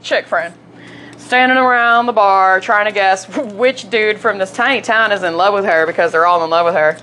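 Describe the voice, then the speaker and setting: A woman's voice: mid-range voice, normal speed, slight background noise. A woman co-hosting a podcast, chatting casually and jokingly about a movie and laughing often. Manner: laughs often, jokey and animated. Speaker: podcast co-host. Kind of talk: casual chat reviewing a movie.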